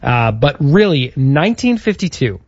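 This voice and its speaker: A man's voice: on the high side, sing-song, normal speed, darkish tone, no echo, dull audio. A man co-hosting a casual chat, telling history from his notes. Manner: storytelling, reading out history notes. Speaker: podcast co-host.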